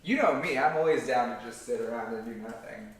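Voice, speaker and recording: A man's voice: mid-range voice, fast, slight background noise. A young man guesting on a home cooking show, making dry, wry remarks and laughing along. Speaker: guest co-host. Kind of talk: casual chat while cooking. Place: home kitchen. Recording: echoey kitchen, mic far off.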